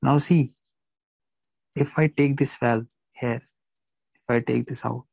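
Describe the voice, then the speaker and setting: Gravelly, flat-voiced male physiology teacher. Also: mid-range voice, slow, no room sound, rough recording. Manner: repeats phrases, checks understanding with questions. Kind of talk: live classroom lecture. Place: classroom.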